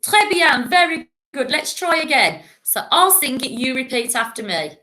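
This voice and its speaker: A woman speaks to young children in a clear, patient and encouraging voice. Her voice sits a little high. She sounds like a primary school teacher recording a lesson. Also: big pitch swings, moderate pace, few pauses, pushed and bright.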